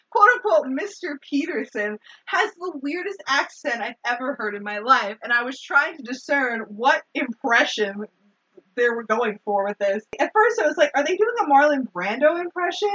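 Husky-voiced woman recapping a movie, lo-fi. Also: high voice, normal speed. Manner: animated retelling, acts out characters' lines, laughs often. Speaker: podcast co-host. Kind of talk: casual chat recapping a movie.

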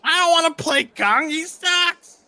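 A man voicing a whiny, shrill male halfling gamer who complains and taunts. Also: animated, measured pace, sharp tone, heavily acted. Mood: taunting.

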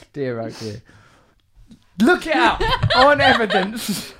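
A man's voice: sits high, wildly swooping pitch, extremely slow, pushed and bright. A man hosting a podcast in loose, rambling chat, teasing his co-host and laughing often. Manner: playful, teasing, breaks into laughter.

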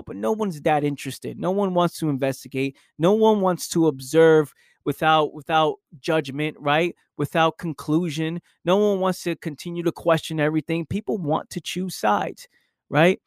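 A man's voice: fairly high pitch, normal speed, no room sound, studio quality. A young man hosting a solo podcast, talking casually and reflectively, with "right?" tagged onto his points. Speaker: podcast host.

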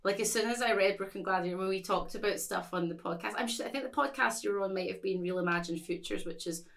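A woman's voice: mid-range voice, fast talker, creaky, fairly bright tone. Chatty woman, rambling casual talk. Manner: rambling, heavy use of "like", frequent laughs. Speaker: podcast guest. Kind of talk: casual chat.

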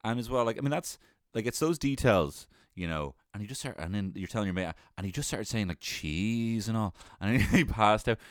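A young man's fairly low voice moves briskly through a dry, studio-quality recording as he tells a comic tale from his childhood. He's lively, curses often and bursts into frequent laughter.

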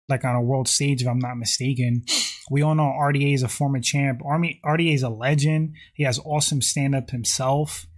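A man chats casually on a livestream, reading out viewer comments and replying to each in turn. His voice sits at an ordinary middle pitch. He rambles, fills gaps with "like" and "you know", and keeps pausing to clear his throat. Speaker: YouTube livestream host.

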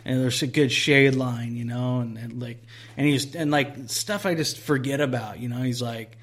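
A man's voice: medium pitch, steady tone, moderate pace, fairly bright tone. Just a guy chatting, mid-range voice, rambling fishing story, lots of "like" and some swearing. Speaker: angler telling a story. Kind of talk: casual chat.

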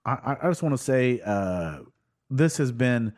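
Animated, profane podcast host man. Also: medium pitch, unhurried. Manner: animated, profane, rambling with fillers. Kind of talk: casual chat.

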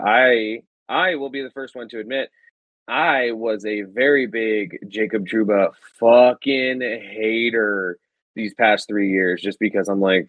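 A man co-hosting a sports podcast with a somewhat low voice. He talks bluntly and in a laid-back way, with a lot of swearing. The recording is dry and close to the mic. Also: no room sound, narrow, tinny audio. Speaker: podcast co-host. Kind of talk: casual sports chat.

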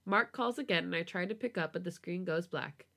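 A woman reading a romance story aloud on a podcast, with a relaxed storytelling voice. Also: on the low side, fairly quick, gravelly. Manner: laughs often, giggly reactions. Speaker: podcast host reading fan fiction aloud.

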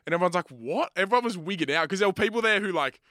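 A man's voice: sits high, very fast, pushed and bright, dry recording, clean studio sound. A young man co-hosting a casual podcast, swearing freely and acting out his friends' lines. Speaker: podcast co-host. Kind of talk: casual chat.

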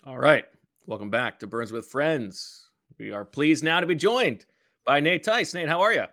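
A man hosting a sports podcast in casual chat, halting with many fillers and restarts. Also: a little high, expressive, a bit bright, no echo, studio quality. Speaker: podcast host.

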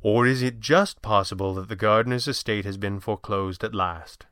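A blunt, wry wealthy gentleman interviewing a servant, as a storybook reader puts him on. His tone is bright and clean, the lines dry and probing, delivered with a candid ease. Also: on the low side, normal speed, smooth, dry recording, lightly acted. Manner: candid, wry, slightly pressing. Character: wealthy male employer, dry, blunt and impatient.

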